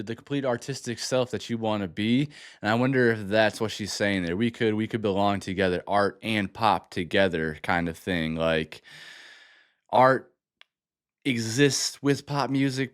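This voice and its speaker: This music reaction host records a relaxed first listen to an album, musing out loud with hesitation and lots of restarted sentences. His medium-pitched voice has a clean tone, and the studio sound is clean with no echo.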